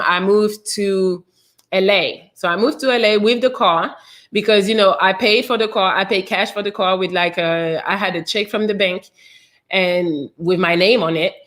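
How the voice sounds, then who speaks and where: A woman's voice: lowish voice, fairly even intonation, moderate pace, a bit bright. A woman host casually telling a personal story, candid, swearing freely and using lots of fillers.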